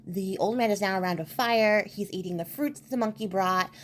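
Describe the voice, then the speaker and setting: A woman's voice: medium pitch, a little fast. A woman craft vlogger retelling a folk tale in a chatty, casual way with laughing asides. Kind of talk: casual storytelling.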